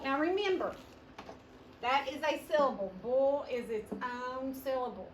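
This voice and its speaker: A woman teaching a phonics lesson, sounding out each word slowly syllable by syllable and encouraging her young students. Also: sits high, animated. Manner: slow, sounding out words syllable by syllable. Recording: echoey room, mic far off, noisy.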